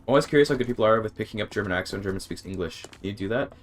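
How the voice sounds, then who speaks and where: Speaking rapid-fire in a fairly low pitch, this man gives casual commentary on a video game livestream. He chats with his viewers, and frustration makes him swear and restart his sentences.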